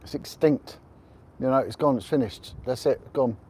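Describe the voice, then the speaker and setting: His voice is husky and dark-toned, mid-range and at normal speed. A middle-aged man hosting a casual livestream outdoors on a windy rooftop, he rambles chattily and doesn't hold back his blunt opinions.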